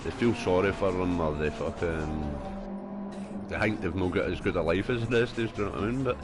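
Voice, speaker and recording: Young male streamer with a lowish voice: loose, sweary, filler-heavy chat. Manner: rambling, sweary, full of fillers. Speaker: gaming streamer. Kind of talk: casual chat while gaming.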